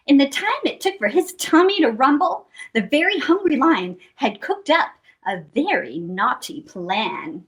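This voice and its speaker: High, lively woman reading to kids. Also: measured pace. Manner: expressive, sing-song storytelling. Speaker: children's storytime host. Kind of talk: reading a picture book aloud to children.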